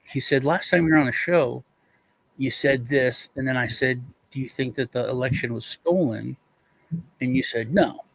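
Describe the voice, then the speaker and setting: A man's voice: medium pitch, moderate pace, gravelly, dry recording. A male co-host rambling through a casual chat, retelling stories with restarts and quoted voices.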